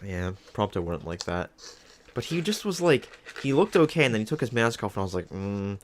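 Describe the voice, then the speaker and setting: A man's voice: medium pitch, very animated, a little fast, slight background noise. A young man co-hosting a casual podcast chat, rambling through stories, swearing freely and acting out the people he quotes. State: ice in mouth. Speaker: podcast co-host.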